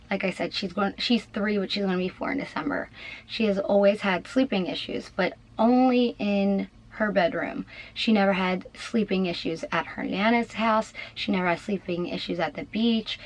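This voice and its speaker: A woman's voice: mid-range voice, poor audio. A young adult woman telling a personal story to her channel in a casual way, with many fillers and a slightly shaky manner. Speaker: vlogger.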